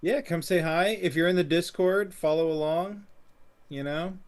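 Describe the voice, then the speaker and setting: A man's voice: on the high side, moderate pace. A man co-hosting a casual tech podcast, easygoing, filling his talk with "like" and "you know". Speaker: podcast co-host.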